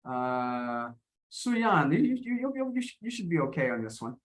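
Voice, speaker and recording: An American man gives an online English lesson, explaining haltingly and repeating words often. His voice runs on the high side with big swings in pitch.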